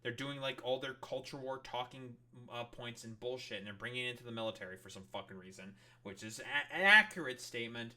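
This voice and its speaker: A man's voice: medium pitch, brisk, hardly any pauses, bright, forceful tone. A man streaming, ranting angrily with constant swearing while reacting to a political clip.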